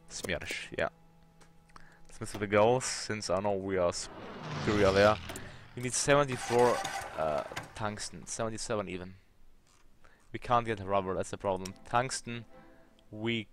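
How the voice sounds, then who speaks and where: A young man commenting on his strategy game as he plays, thinking aloud and swearing when the game bugs out. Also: on the low side. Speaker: let's play host.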